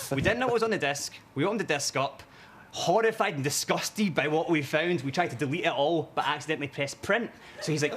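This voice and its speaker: Man, slightly high voice, deadpan anecdote teller, noisy recording. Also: quick pace. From Glasgow, Scotland. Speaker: audience member telling a story. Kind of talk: anecdote told to a TV audience.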